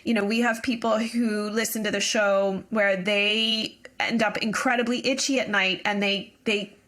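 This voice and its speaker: A woman's voice: mid-range voice, steady tone, normal speed, a bit bright. A woman hosting a podcast repeats each tapping phrase back. She then talks casually about the practice, with an easy, unpolished flow and everyday fillers. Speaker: podcast host. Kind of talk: casual interview chat.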